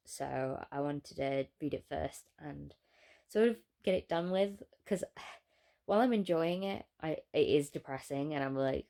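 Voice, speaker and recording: A woman's voice: low voice, normal speed, gravelly. A woman with a cold and a nasal voice, chatting casually in a rambling home vlog from her cozy reading nook. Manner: rambling, filler-heavy, often trailing off softly. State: sick with a cold. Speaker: book vlogger.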